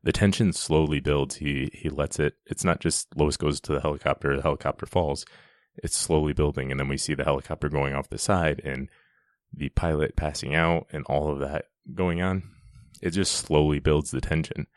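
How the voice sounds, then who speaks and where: A man's voice: extremely low pitch, fairly even intonation, normal speed, dry recording, clean studio sound. A man giving a casual, enthusiastic commentary on a film scene, chatty and often restarting his sentences.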